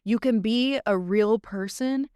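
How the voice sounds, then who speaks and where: A woman's voice: a little high, unhurried, a little mellow, clear, resonant tone, no echo, studio quality. A woman co-hosting a podcast, talking in a passionate, emphatic way and repeating phrases to drive points home. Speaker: podcast co-host. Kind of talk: casual podcast chat.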